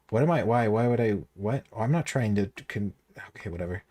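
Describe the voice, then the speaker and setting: A man streaming a game, reading its text aloud with bemused, deadpan asides. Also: fairly low pitch, a little fast.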